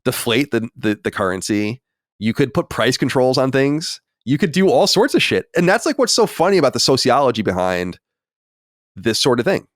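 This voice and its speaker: A man hosting a podcast in casual chat, animated and swearing, with many restarts. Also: medium pitch, normal speed, no echo, studio quality. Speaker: podcast host.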